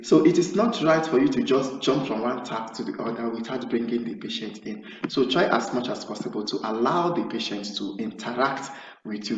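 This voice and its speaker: A man tutoring nurses for an English speaking exam, explaining step by step and often restarting his phrases. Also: mid-range voice. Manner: explanatory, acts out sample nurse-patient dialogue. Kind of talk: spoken lesson. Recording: roomy, distant, dull sound.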